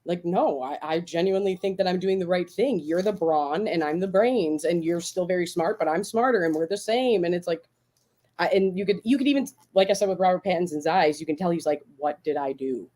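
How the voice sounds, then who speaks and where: A woman co-hosting a casual podcast chat, talking in an animated way with many restarts and acted-out quotes. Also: fairly low pitch, a little fast. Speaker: podcast co-host.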